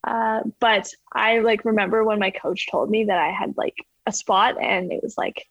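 A woman talking casually as an interview guest, full of fillers like "like" and acting out her own quotes in a higher voice. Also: fairly even intonation, moderate pace, a bit bright, dry recording, dull audio. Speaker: guest athlete.

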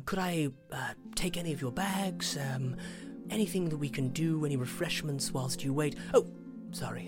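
A game master voicing a polite, fussy elf spa attendant, speaking softly and courteously with some hesitation. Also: mid-range voice, voice pushed down, close to an everyday voice.

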